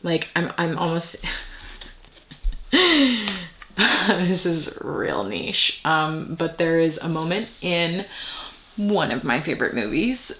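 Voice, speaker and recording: A woman with a lowish, gravelly voice giving a relaxed tarot reading. She muses aloud and wanders between thoughts, sometimes dropping into soft whispered asides. Her tone stays casual and direct to the viewer. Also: takes it slowly, pauses often, a little hiss or hum. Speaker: tarot reader.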